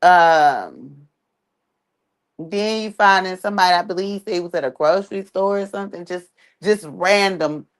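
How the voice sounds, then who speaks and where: A woman's voice: on the low side, moderate pace. A woman giving casual livestream commentary in a blunt, exasperated way, swearing freely as she talks. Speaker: streamer commenting on an online family.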